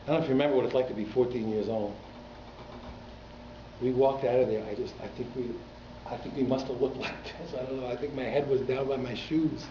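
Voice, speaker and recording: A man's voice: mid-range voice, brisk. Man telling a story at a lecture. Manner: animated, repeats words for emphasis. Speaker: rabbi teaching a class. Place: community synagogue hall. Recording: echoey, dull hall recording with faint noise.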